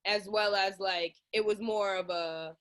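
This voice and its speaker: A young woman hosting an interview in a relaxed, slangy, casual way, teasing her guest. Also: medium pitch, a little slow. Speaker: interview host. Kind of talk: casual chat.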